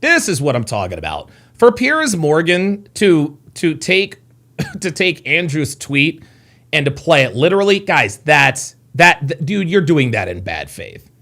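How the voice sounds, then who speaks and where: Animated, exasperated man ranting. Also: on the high side, unhurried, gravelly. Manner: heated, exasperated, swears often, repeats himself. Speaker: live show host reacting to a clip. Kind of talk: animated reaction commentary.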